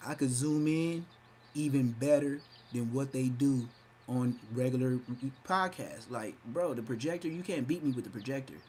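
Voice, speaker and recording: A man's voice: mid-range voice, moderate pace, a little mellow, slight background noise. A man hosting a livestream podcast, talking trash in a brash, mocking way and slipping into exaggerated voices. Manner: hyped, shifts into exaggerated voices. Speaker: podcast host. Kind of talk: livestream commentary.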